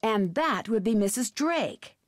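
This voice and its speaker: A polite, curious young American detective, pitched a little high. Her lines sound dry and close in a game. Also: lively intonation, a little slow, dry recording. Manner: polite, inquisitive.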